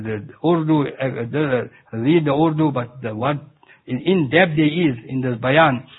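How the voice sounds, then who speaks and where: A man giving an Islamic sermon as a Sufi preacher, halting and restarting, with Arabic recitation woven in. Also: medium pitch, slightly rough. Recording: tinny phone-like recording.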